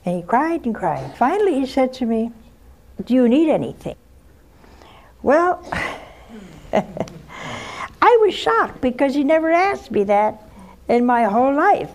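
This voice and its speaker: A woman's voice: sits high, big pitch swings, measured pace, long pauses. An older woman, a nun hosting a call-in show, giving frank spiritual advice and telling stories from her own life in a folksy, direct way. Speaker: nun and host answering callers. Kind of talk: spiritual advice and personal storytelling.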